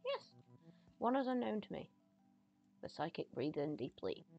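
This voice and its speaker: A woman reading the lines of a young female psychic in a slow, hushed, mystical manner for a narrative game. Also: fairly low pitch, big pitch swings, creaky, highs cut off, soft background music, heavily acted. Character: solemn young female psychic with witchy flair.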